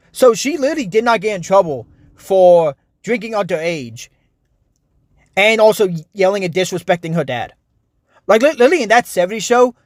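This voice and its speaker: A young man rants into his camera in a high, tight voice, stumbling over his words and circling back as he vents. The sound is close and completely dry, with no room echo at all. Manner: frustrated, rambling, many restarts and fillers. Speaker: TV reviewer. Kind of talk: casual ranting review.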